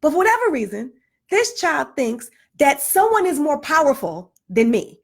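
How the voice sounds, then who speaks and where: Emphatic, high-pitched woman holding forth. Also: big pitch swings, normal speed. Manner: emphatic, repetitive, preachy. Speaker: parent telling a story. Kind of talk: casual storytelling monologue.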